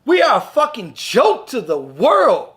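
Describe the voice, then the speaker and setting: A man with a high-pitched voice launches into a heated, profane monologue. He speaks as a father, blunt and exasperated, driving each point home with force. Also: wildly swooping pitch, a little slow, a bit bright. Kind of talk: ranting monologue to camera.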